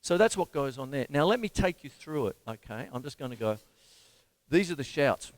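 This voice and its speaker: A man's voice: medium pitch, lively intonation, moderate pace, no echo. An Australian man hosting a live drum lesson, talking with rambling enthusiasm and scatting drum patterns and counting beats aloud. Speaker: drum teacher and show host.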